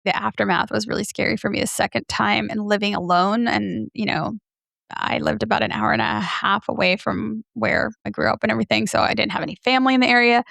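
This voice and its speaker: A woman's voice: mid-range voice, fairly quick, vocal fry, no echo, clean studio sound. A woman podcast host in her thirties, earnestly telling a personal story in a candid interview and acting out the things people said to her. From from near New York City. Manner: earnest, animated storytelling, acts out quoted dialogue.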